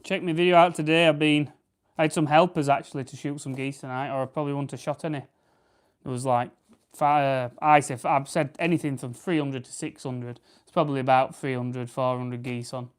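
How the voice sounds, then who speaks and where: South Yorkshire bloke, young, rambling livestream host, clear smooth voice, mid pitch. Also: male voice, fairly even intonation, brisk. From South Yorkshire, England. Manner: chatty, rambling, reads out viewer comments. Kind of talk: casual live-stream chat while plucking grouse.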